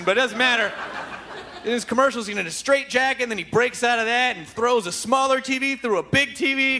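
Hosting a live podcast on a theater stage before an audience, a man talks in a hyper, rambling, profane way. His extremely high voice is fast, bright and forceful, and the live venue recording picks up audience noise.

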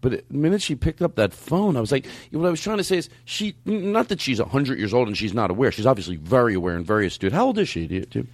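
A man hosting a podcast, excitable and rambling, often stopping and restarting. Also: mid-range voice, very fast, few pauses, dry recording. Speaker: podcast host. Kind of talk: casual podcast chat.

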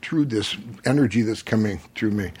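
A man, older, telling a personal story in a casual conversation, animated, often laughing and acting out what people said. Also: lowish voice, normal speed, slight background noise. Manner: animated, laughs while telling, acts out quotes.

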